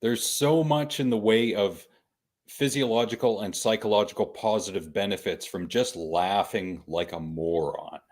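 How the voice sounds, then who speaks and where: A man co-hosting a podcast in casual chat, joking in quick banter. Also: lowish voice, a little mellow. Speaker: podcast co-host.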